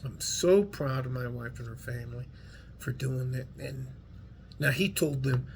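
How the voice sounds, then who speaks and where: Here the same sort of middle-aged vlogger with a West Texas drawl sounds gravelly at medium pitch, keeping a measured pace while a faint hiss or hum runs underneath. He offers his viewers a rambling, earnest, folksy monologue with some colorful language.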